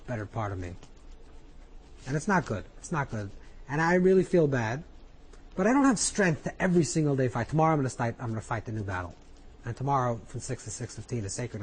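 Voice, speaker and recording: A man's voice: on the high side, a little mellow, breathy edge, rough recording. A man, a rabbi, giving an earnest spoken Torah class, coaching listeners through their inner voices with frequent repetition.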